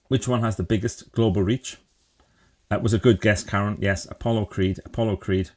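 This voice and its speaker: A man's voice: on the low side, normal speed, a little mellow. A middle-aged man hosting a live-streamed motivational talk, chatty, quizzing viewers and answering their comments. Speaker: live show host.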